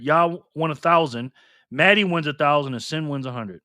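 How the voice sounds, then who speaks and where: A fairly high-voiced man runs a loose, playful live stream, reading out viewer comments and hyping up players with frequent laughter. The sound is dry and close, with no room echo. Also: normal speed, bright, forceful tone. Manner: reads viewer comments aloud and cheers players on. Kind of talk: casual live stream chat.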